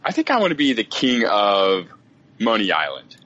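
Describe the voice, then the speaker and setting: Dry, joking male co-host, bright husky tone, dull recording. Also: fairly low pitch, wildly swooping pitch, no echo. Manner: dry, laughing, quick jokes. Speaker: podcast co-host. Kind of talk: casual chat.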